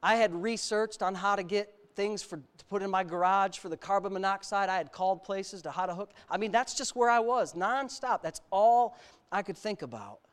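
Pastor guy, fairly high voice, telling his own story from the pulpit, self-mocking and candid. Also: normal speed, clean tone. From United States. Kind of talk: personal testimony sermon.

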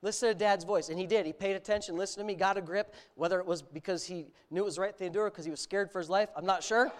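A middle-aged man preaching a sermon, telling a personal story and then exhorting his listeners boldly, with rising loud emphasis. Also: high-pitched, steady tone, fast. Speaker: pastor.

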